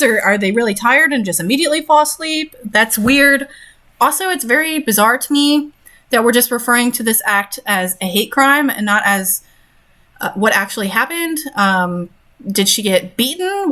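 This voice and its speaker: A woman's voice: fairly high pitch, expressive, normal speed, bright, forceful tone. Young woman host reading and roasting a story, sarcastic and fed up. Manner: sarcastic, exasperated asides. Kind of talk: dramatic reading with commentary.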